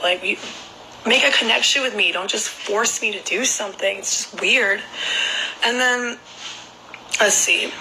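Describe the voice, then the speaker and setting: A woman's voice: mid-range voice, moderate pace, sharp tone, slight background noise, poor audio. A young woman telling a personal story in a rambling, casual way, filling nearly every phrase with "like.". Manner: rambling, packed with filler "like".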